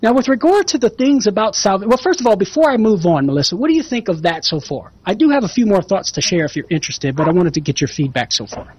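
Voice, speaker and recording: A man's voice: high-pitched, very animated, fast talker, few pauses, a little mellow, breathy edge. A man who is the guest expert on a call-in radio show, answering a caller earnestly and building his case step by step with rhetorical questions.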